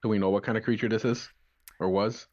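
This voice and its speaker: A man's voice: lowish voice, fairly even intonation, quick pace, darkish tone, highs cut off. A man playing a tabletop game, asking hesitant questions with lots of "uh". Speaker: player. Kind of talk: casual tabletop game chat.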